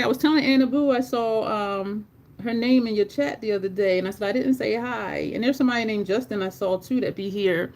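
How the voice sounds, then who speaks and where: A woman's voice: medium pitch, a little hiss or hum. A woman chatting casually on a livestream while doing her makeup, swearing freely, laughing often and talking to her chat.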